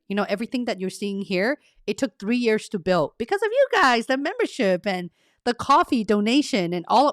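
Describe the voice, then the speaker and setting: Streaming live from a carpeted, echo-treated room at home, a woman career coach chats casually with her audience, reads comments out loud, and laughs at herself. She has a medium-pitched voice, and the recording is clean, studio-quality, and echo-free.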